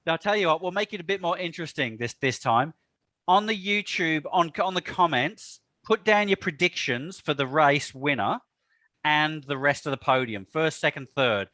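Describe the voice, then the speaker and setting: A man hosting a podcast in casual chat, jokey and quick with agreeing interjections. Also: on the high side, animated, sharp tone, no room sound. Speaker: podcast host.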